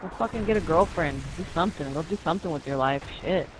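A man's voice: on the high side, fast talker, noisy background. A man swearing and heckling another player over online game voice chat, crude and hostile. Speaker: gamer in voice chat.

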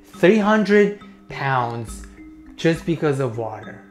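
A man's voice: on the high side, big pitch swings, slow pace, roomy sound, soft background music. A young man giving reaction commentary as a YouTuber, mocking, incredulous and sweary.

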